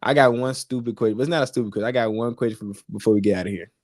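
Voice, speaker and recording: A young man from Memphis with a Memphis Southern accent, co-hosting a podcast in excitable, slangy casual chat. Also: mid-range voice, racing, dry recording, studio quality. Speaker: podcast co-host.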